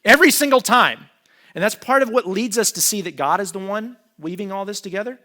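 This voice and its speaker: A man preaching a sermon as pastor, talking in a casual, animated way and joking with the congregation. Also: sits high, a little fast. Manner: conversational, animated, jokes with the congregation.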